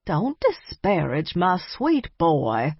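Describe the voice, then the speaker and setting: A woman's voice: mid-range voice, big pitch swings, slow pace, breathy edge, dry recording, heavily acted. A woman voicing an older grandmother with a folksy, scolding, affectionate drawl, recorded a little muffled. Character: warm bossy Southern grandmother, older woman.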